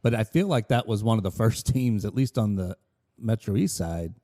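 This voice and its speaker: Podcast guest guy, low warm voice, laid back and reminiscing. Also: moderate pace. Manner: relaxed, reminiscing. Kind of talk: casual chat.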